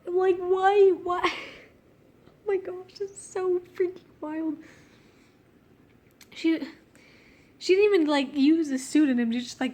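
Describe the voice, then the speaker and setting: A woman with a high, bright-pitched voice reads her old childhood story aloud at an unhurried pace. She keeps stopping to laugh at it and tease herself in slangy asides, losing her thread and picking it back up. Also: steady tone. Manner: giggly, slangy and self-mocking; easily distracted, breaks off mid-sentence. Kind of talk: reading aloud with joking commentary.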